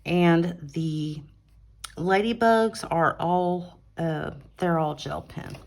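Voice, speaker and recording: In a home recording made on an arm-mounted phone, a woman walks through her finished adult coloring pages, relaxed and casual with fillers and self-corrections. Her voice is lowish, creaky, and very slow.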